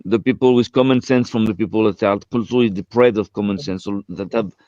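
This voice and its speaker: Brief: halting man, mid pitch, dry and slightly muffled line. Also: steady tone, dark tone, no room sound. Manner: hesitant, repeats words, many fillers. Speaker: debate participant. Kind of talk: casual online debate.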